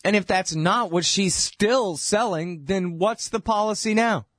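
A man's voice: high voice, a little slow, fairly bright tone, no echo, studio quality. Sarcastic male political talk host. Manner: sarcastic, mocking, heated. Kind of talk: political commentary monologue.

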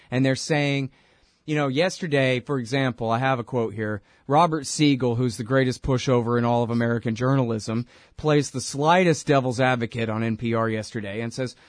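A man's voice: mid-range voice, dry recording, clean studio sound. A man hosting a talk radio show and interviewing a guest, ranting in a heated, sarcastic way.

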